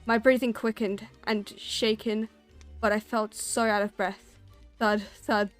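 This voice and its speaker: A woman's voice: a little high, little pitch movement, measured pace, faint music behind. A woman streamer reading a spooky story aloud and chatting with her audience. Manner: storytelling, then chatty and self-conscious.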